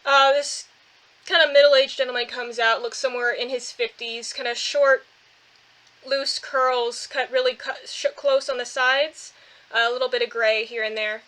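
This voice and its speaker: A woman narrates as game master in a tabletop game, pausing and restarting often as she describes scenes. Her voice is bright and slightly high. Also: fairly even intonation, rough recording. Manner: hesitant, many fillers and restarts.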